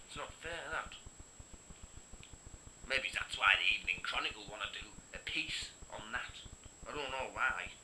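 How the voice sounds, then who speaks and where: A man doing a deadpan comic rant to camera, grumbling and muttering, often dropping into half-whispered asides. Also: medium pitch. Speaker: comic vlogger. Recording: echoey room with background noise.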